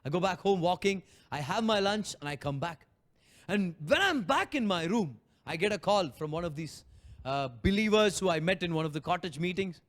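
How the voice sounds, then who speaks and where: A man's voice: high voice, animated, normal speed, a bit bright. A man preaching a sermon as pastor, telling a personal story with passion and acting out prayers and quotes.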